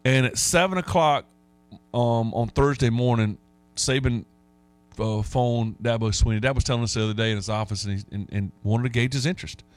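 A man hosting casual sports talk radio, telling stories and getting animated when he quotes others. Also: mid-range voice, brisk.

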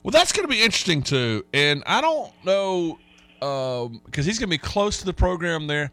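A man hosting casual sports talk radio, telling stories and getting animated when he quotes others. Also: on the high side, moderate pace.

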